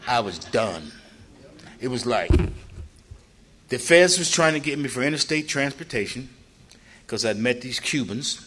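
An older man from Ohio tells his own story in a loose, rambling, unhurried way, with long pauses and frequent "you know" asides. He gets animated when acting out what people said, jumping his voice up high for the quotes.

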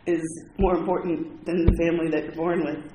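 Guy sharing his story at a meeting, kinda high voice, honest and rambly, noisy echoey room. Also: little pitch movement, a little fast, dark tone. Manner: candid, heartfelt storytelling with frequent "like". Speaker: recovery meeting speaker. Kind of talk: personal testimony to a group.

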